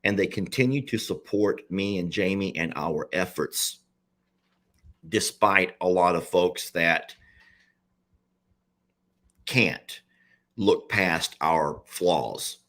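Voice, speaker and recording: A man who runs an animal sanctuary, talking through his mistakes in a halting, repetitive, confessional way, close to tears. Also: low voice, a bit bright. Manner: halting, repeats himself, confessional. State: near tears. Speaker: animal sanctuary owner and page host. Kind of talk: emotional personal vlog.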